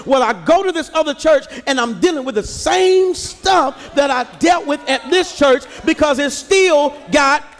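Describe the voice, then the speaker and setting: High-voiced male pastor preaching in a reverberant church. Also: measured pace, hardly any pauses. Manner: preaching with rising shouts and call-and-response to the congregation. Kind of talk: sermon. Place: large church sanctuary. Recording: live church recording with long hall reverb.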